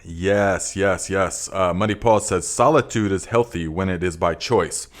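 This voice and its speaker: A man with a notably low voice, from Northern California, hosts a live podcast Q&A. He talks in a loose, easygoing way, full of "uh"s, pausing to read viewer comments aloud before answering them. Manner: relaxed, reads viewer comments aloud with many fillers. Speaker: podcast host. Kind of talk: live Q&A chat.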